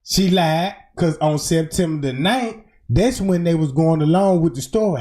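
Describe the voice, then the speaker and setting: A livestream commentator walks through a true-crime theory in an informal way, often saying "boom" and "right?". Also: expressive, moderate pace, warm tone.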